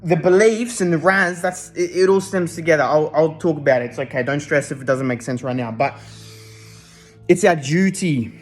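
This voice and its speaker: A man's voice: a little high, moderate pace, faint music behind. An Australian man giving a raw, unscripted self-help talk in a casual, sweary way, checking in with "okay?" often.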